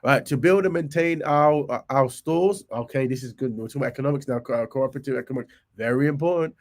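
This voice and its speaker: A man with a cold and a hoarse voice, hosting a live stream in casual chat, reading out points and muttering asides that trail off. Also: mid-range voice, fast. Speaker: livestream host.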